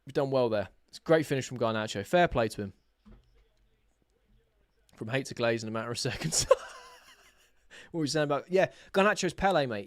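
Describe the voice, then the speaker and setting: A young man hosting a live football watch-along, chatting casually with his viewers, excitable and sarcastic, shouting when his team scores. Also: mid-range voice, a little fast, pauses often, dry recording, studio quality. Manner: excitable, bursts into shouts at goals, sarcastic banter with chat. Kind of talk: live match reaction chat.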